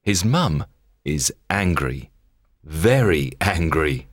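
A man reads a children's story aloud with a very deep voice that still rises and falls a great deal. He takes his time, pacing every sentence slowly and clearly. The sound is close and dry, with no room around it. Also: dry recording. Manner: expressive, measured read-aloud delivery. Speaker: narrator. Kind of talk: scripted storybook narration.

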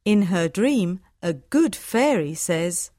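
A woman giving scripted storybook narration, clear, measured and even. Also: on the low side, no room sound, studio quality.

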